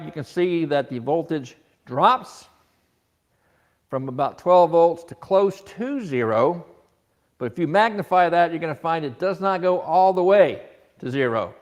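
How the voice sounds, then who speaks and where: A man teaching an automotive technical seminar, explaining scope patterns with rhetorical questions and frequent restarts. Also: on the high side.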